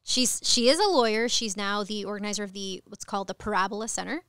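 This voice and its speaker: Brief: woman in her thirties, originally from Ecuador, podcast guest with a frank storytelling style, mid-pitched and lively, dry close mic. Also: fast talker, clear, resonant tone, no room sound. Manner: frank, animated, swears casually. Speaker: podcast guest, cannabis attorney. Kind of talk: candid conversational storytelling.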